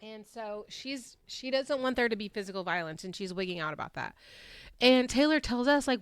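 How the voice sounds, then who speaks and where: A woman hosts a podcast recapping a reality show, chatting casually, laughing often and acting out quotes in shifted voices. Her medium-pitched voice moves at a moderate pace, recorded in clean studio sound with no room sound.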